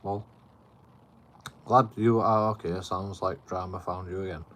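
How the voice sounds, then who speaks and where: This late-thirties Bradford man speaks in a low register with fairly even intonation and an unhurried delivery, against a noisy background. A live streamer with a Yorkshire accent, he rambles through a swear-laden story for his chat and keeps repeating himself.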